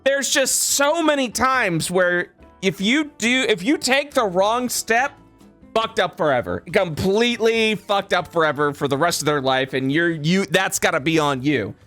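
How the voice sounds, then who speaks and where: A man's voice: high voice, lively intonation, unhurried, pushed and bright, soft background music. A man co-hosting a podcast in casual chat, acting out little scenes in quoted voices and swearing freely. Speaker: podcast co-host.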